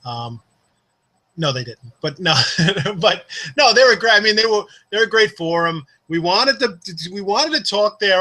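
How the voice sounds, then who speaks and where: A man with a bright, tense, somewhat high voice co-hosts a casual chat. He jokes a lot and talks in an animated, playfully dramatic way. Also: unhurried, low-quality recording. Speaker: co-host.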